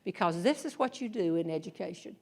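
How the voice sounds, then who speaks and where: A calm, self-assured husband and former school principal, as a woman acts him out in her story. He speaks softly and patiently, in a measured lecturing tone that keeps trying to calm her down. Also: high voice, gravelly, heavily acted. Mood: lecturing calmly.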